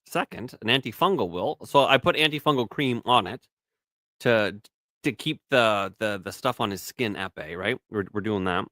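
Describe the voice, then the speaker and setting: Man, 30s, podcast co-host; loose, swearing, stop-start rambler, lively pitch. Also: normal speed, no echo, clean studio sound. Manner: rambling, profane, restarts words often. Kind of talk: casual podcast banter.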